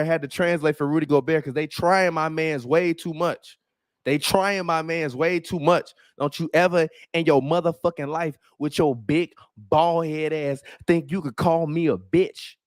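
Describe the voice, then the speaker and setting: A man's voice: a little high, dry recording, studio quality. A man hosting a sports podcast, reacting to a clip in casual, slang-heavy, profane trash talk. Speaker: podcast host.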